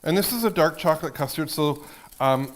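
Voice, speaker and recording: A man's voice: on the high side, fairly quick. A man hosting a cooking show from a cottage kitchen, chatting and explaining as he cooks. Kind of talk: casual cooking demo.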